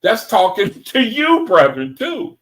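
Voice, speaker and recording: A man leading a Bible study group, reading scripture aloud and commenting on it in an excitable way, often laughing and calling the group brethren. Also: high-pitched, slow, poor audio.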